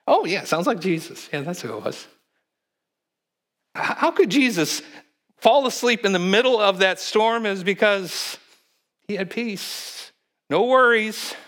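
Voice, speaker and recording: A pastor with a fairly bright, somewhat high voice preaches in a conversational style, questioning his congregation and acting out quotes. His delivery is halting, full of fillers and frequent restarts.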